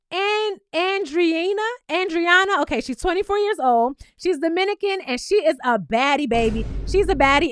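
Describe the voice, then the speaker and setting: High-voiced sassy woman recapping a show. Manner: animated, laughing, sassy asides. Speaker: reality show recap vlogger. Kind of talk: casual recap commentary.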